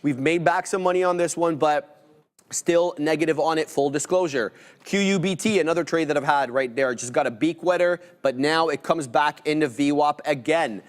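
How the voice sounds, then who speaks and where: A man co-hosting a live trading stream, calling out prices and orders with joking, relaxed banter. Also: fairly high pitch, moderate pace. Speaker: trading show co-host.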